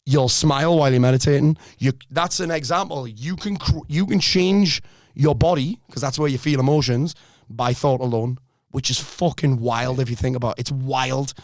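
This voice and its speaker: A middle-aged man, a life coach on a podcast, talking in a blunt, energetic way and swearing freely. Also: mid-range voice, normal speed, dry recording, studio quality. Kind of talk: casual podcast conversation.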